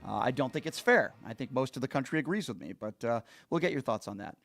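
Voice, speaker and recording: An earnest man hosting a call-in talk show. He pushes his points hard and circles back to repeat them for emphasis, in a voice of ordinary middle pitch. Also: expressive, fast talker, vocal fry, fairly bright tone.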